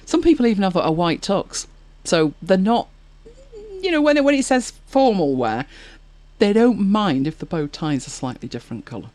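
Lively chatty woman host. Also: medium pitch, normal speed, no room sound. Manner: chatty, anecdotal, laughs often. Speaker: podcast host. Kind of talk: casual chat reading viewer comments.

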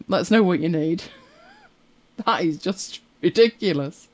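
Rambling through stories and viewer comments, a woman hosts a casual livestream chat and laughs frequently. Her voice is fairly low, a little slow and a little mellow, recorded dry.

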